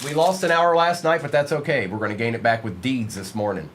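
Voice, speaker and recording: A man's voice: medium pitch, brisk, fairly bright tone, a little hiss or hum. A man hosting a live sports card break, reading out player names from the pulls and chatting casually with viewers in the stream chat.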